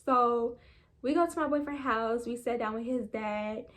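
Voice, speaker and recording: A young woman vlogger chatting casually, retelling a story in a rambling, animated way with quoted voices. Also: on the high side, moderate pace. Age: young adult.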